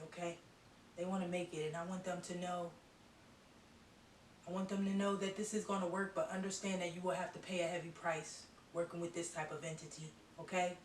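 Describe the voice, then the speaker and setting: A woman giving a channeled psychic reading to viewers, talking emphatically and bluntly, repeating herself and swearing. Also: on the low side. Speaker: psychic reader. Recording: roomy echo from a distant mic with faint hiss.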